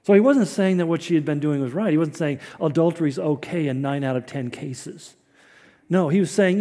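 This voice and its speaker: A man's voice: fairly high pitch, fairly quick, mellow, long reverb tail. A man giving a conversational sermon in a folksy, wry way, chuckling at his own asides. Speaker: preacher.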